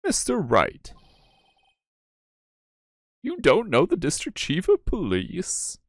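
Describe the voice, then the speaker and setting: A man's voice: high-pitched, wildly swooping pitch, slow pace, dry recording, clean studio sound, pitched above the performer's own voice, heavily acted. A man voicing an eager, incredulous young woman in a fan dub of a courtroom game.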